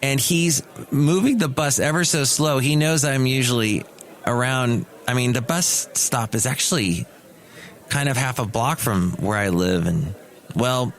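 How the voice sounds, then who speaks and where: Male podcast host, casual solo chat, wry and self-mocking, average pitch. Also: measured pace. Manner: sarcastic, rambling, self-mocking. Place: small cafe studio.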